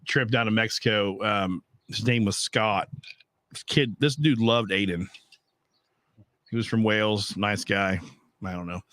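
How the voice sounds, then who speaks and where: A man's voice: fairly low pitch, a bit bright, dry recording. A middle-aged man hosting a casual home podcast, talking bluntly with a lot of profanity and rambling asides. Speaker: podcast host. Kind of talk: casual chat.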